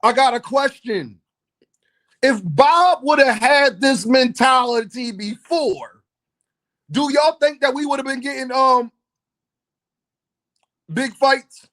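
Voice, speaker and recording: A man with a notably high voice talks straight to his viewers. His manner is playful and teasing, and he breaks into laughter often, the way a casual vlog host would. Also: slow pace, long pauses, a bit bright. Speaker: boxing commentary host.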